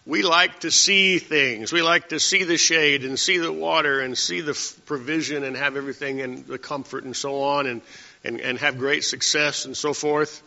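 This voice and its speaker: A man's voice: fairly high pitch, steady tone, moderate pace, vocal fry, sharp tone. A man preaching a conversational sermon, teaching from scripture and asking his listeners rhetorical questions. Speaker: pastor. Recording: dull sound with long hall reverb.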